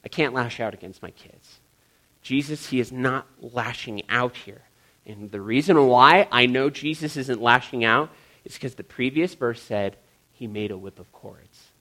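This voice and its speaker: A man's voice: medium pitch, unhurried, sharp tone. A male pastor and parent giving a sermon in a joking, conversational way, often calling his listeners guys.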